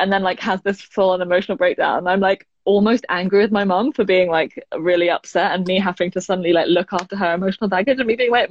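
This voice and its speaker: A woman's voice: lowish voice, rapid-fire, hardly any pauses, no room sound, muffled recording. A woman, chatting as an interview guest. She fills her talk with "like" and laughs often. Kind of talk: casual interview chat.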